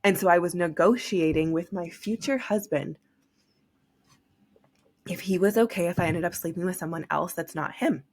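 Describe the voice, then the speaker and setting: A woman's voice: on the low side, normal speed, long pauses, slightly rough. A young woman hosting a podcast, telling a personal story in a casual, chatty way, full of "like.". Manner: chatty, heavy use of "like". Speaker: podcast host.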